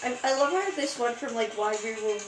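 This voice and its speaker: A woman's voice: on the high side, brisk, reverberant, recorded from a distance, music in the background. A young woman co-host chiming in with short quips in a casual chat.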